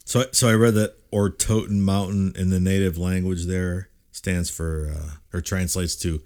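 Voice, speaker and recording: A man's voice: deep voice, level tone, a little slow, a little mellow. A man co-hosting a casual podcast, dropping dry wisecracks into the conversation. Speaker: podcast co-host. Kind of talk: casual chat.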